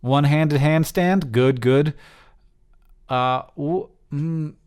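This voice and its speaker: A man's voice: on the high side, takes it slowly, a little mellow, smooth. A man in his thirties talking casually as host through survey results, rambling with many fillers and restarts.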